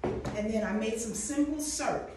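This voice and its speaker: A woman chef walks through a dish in a chatty, encouraging way, talking straight to the viewer. She is recorded from a distance in a very echoey kitchen, with clear background noise. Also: on the high side, normal speed, warm tone. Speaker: chef and host. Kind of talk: cooking demonstration. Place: kitchen at a coffee company. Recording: echoey room, mic far off, background noise.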